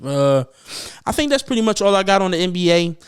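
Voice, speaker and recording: Smooth high-voiced young man, animated storyteller. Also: fairly quick. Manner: animated, profane storytelling with slang. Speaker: podcast host. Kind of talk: casual podcast chat.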